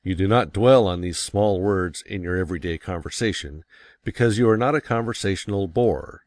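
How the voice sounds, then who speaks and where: Man, audiobook narration, deep voice, measured delivery, dry sound. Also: darkish tone, no room sound.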